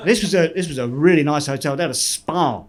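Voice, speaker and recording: His voice unusually high for a man, a stand-up comic works a comedy club with deadpan one-liners. Every so often he lets out a brief laugh at his own material.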